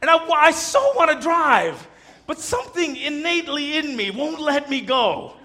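A male preacher telling a story in his sermon and leading a prayer, animated and expressive. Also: extremely high pitch, unhurried.

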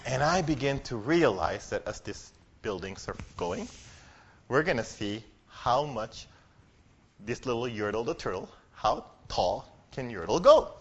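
A man leading a children's message in church, running a game and telling a story, animated and quizzing the kids. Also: medium pitch, measured pace, slightly rough. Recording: dull lo-fi recording.

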